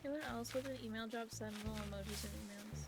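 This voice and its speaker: Game music plays as a woman livestreams, chatting casually with her viewers while she plays. She talks fast in a steady, mid-range voice, giggling often and swearing offhandedly.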